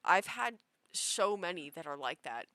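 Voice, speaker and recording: Bright-voiced young woman rambling animatedly. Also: lowish voice, a little slow, smooth, no room sound. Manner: rambling, animated, heavy use of "like". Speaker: streamer. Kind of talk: casual storytelling to a live chat.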